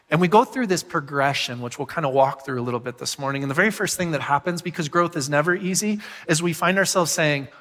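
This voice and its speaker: A man preaching a sermon as pastor, animated and often putting questions to the congregation. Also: on the high side, a little fast, big-room sound. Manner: animated, asks the crowd questions.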